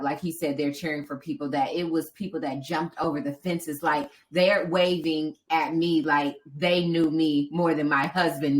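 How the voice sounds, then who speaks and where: A woman with a low voice tells a story on a casual podcast. She is animated and brings in the voices of the people she met along the way. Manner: animated storytelling, acting out other people's lines. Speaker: podcast co-host and marathon runner.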